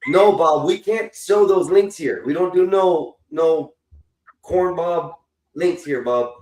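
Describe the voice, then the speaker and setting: A man's voice: fairly high pitch, slow pace, darkish tone, slight background noise. A man on a live stream call-in panel, teasing and rambling with fillers in casual banter. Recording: roomy, distant mic.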